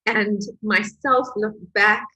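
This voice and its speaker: Husky-voiced woman confiding. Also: medium pitch, steady tone, takes it slowly, pushed and bright, poor audio. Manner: emotional, confessional storytelling. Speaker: healing course coach. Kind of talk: candid motivational talk.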